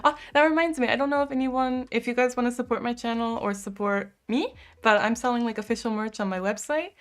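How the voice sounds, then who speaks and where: On her home livestream, a young American woman speaks a little fast in a highish voice. She chats casually, responds to viewers' comments with many "like" fillers, and murmurs soft coos to her cat.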